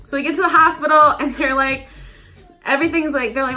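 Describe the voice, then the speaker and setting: A woman's voice: high voice, fairly even intonation, a little fast, bright, forceful tone, soft background music. A young woman telling a casual storytime vlog, chatty and filled with "like", acting out the voices of people in her story. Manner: chatty, heavy use of "like", acts out quotes. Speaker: vlogger.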